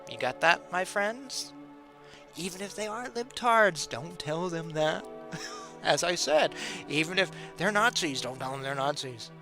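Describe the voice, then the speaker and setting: A man's voice: a little high, lively intonation, unhurried, sharp tone, soft background music. A middle-aged man hosting a casual monologue, talking straight to his audience with lots of rhetorical questions. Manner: conversational, rhetorical questions, chuckles. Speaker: political commentary host. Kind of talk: casual direct-to-camera monologue.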